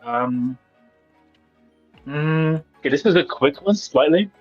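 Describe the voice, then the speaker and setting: Husky young man on muffled voice chat. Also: on the high side, expressive, slow pace, soft background music. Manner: hesitant, rambling, with fillers. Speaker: guest on voice chat. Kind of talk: casual chat. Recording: dull lo-fi voice chat.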